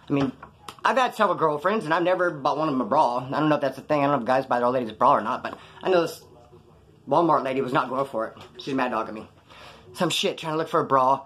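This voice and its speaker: The high-leaning, fairly bright voice belongs to a middle-aged ex-prisoner spinning a crime story. His talk is casual and profane street slang, meandering through one aside after another.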